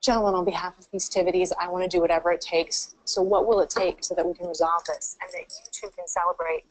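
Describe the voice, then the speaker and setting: A woman's voice: on the low side, level tone, fast talker, slight background noise, poor audio. A woman job candidate in an interview, speaking earnestly and pleading. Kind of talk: job interview and role-play.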